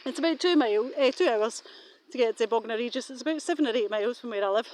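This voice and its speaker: Woman, middle-aged, high voice, rambling and suspicious, filmed while out walking. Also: quick pace, a little mellow. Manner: rambling, suspicious, swears casually. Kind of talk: rambling walking vlog monologue. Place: outdoors, walking.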